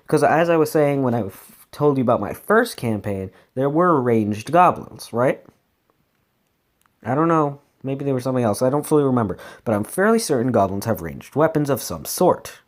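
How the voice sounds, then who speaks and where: A man's voice: mid-range voice, very animated, normal speed. Chatty man reading a gamebook aloud. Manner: stumbling reading, self-corrections, chatty asides. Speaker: streamer reading a solo adventure gamebook. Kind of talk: casual read-aloud with asides.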